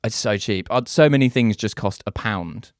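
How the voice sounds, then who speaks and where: A man's voice: fairly low pitch, animated, moderate pace, no echo, studio quality. A man guesting on a podcast as a comedian, telling rambling, self-deprecating stories in casual chat.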